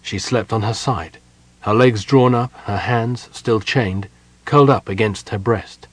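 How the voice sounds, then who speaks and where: A man narrating an audiobook in a measured, quiet way. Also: on the low side, husky, no room sound, rough recording.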